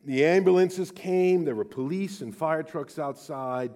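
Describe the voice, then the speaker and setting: Middle-aged man, pastor, sermon, personal story, hushed to emphatic, fairly high voice. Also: measured pace.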